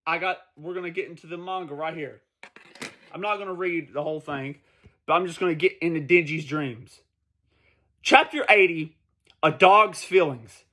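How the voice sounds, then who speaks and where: Male vlogger, high-pitched, emphatic and profane, casual heated commentary. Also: moderate pace, bright, forceful tone. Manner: emphatic, profane, repeats points for stress.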